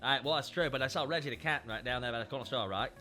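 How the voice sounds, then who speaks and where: A man's voice: a little high, very fast, loud music behind the voice, voice pushed down, lightly acted. A man doing a crude fake-Aussie bloke. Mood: rowdy. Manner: crude, exaggerated fake Australian accent. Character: rowdy Australian bloke telling a pub story.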